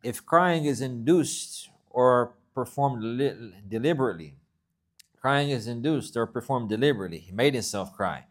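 A man with an animated, mid-range voice teaches a religious lesson. He reads Arabic text quickly, then explains it slowly in English, often repeating himself.

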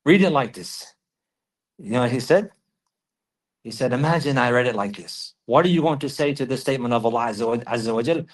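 A man giving a religious lesson, repeating key phrases for emphasis and reciting Arabic verses quickly. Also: medium pitch, animated, rough recording. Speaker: Islamic teacher.

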